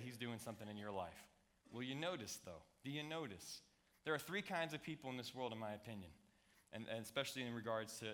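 A man preaching a sermon, conversational and emphatic, repeating words to drive points and building to loud passionate stretches. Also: medium pitch. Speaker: pastor.

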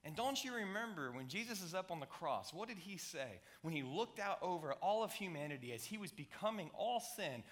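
A man's voice: high voice, sharp tone. A middle-aged man preaching a playful, jokey sermon in a church, talking to the congregation with asides. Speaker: pastor. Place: church sanctuary.

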